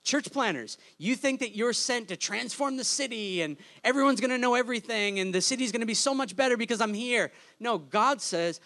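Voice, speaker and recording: A man's voice: very high-pitched, fairly quick, hardly any pauses, sharp tone. A man preaching a sermon in a conversational, humorous way, often checking in with the listeners by asking "right?".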